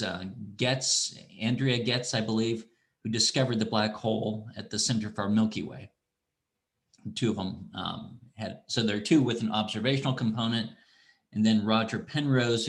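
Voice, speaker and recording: Middle-aged man, low voice, easygoing online astronomy lecture, wanders off into asides. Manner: relaxed, rambling, with restarts and asides. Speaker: university astronomy instructor. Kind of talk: online lecture with screen demo.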